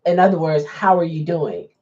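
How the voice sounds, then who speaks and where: A woman's voice: sits low, lively intonation, moderate pace, warm tone. A woman chatting casually on a live stream as a rideshare driver, answering viewer comments and laughing often. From Baltimore. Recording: dull lo-fi sound.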